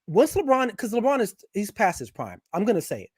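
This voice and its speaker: This guest on a casual sports chat has a notably high voice with a brisk, breathy edge, and he's animated and opinionated. He keeps restarting sentences while building his point. The sound is dry and close, without any room echo.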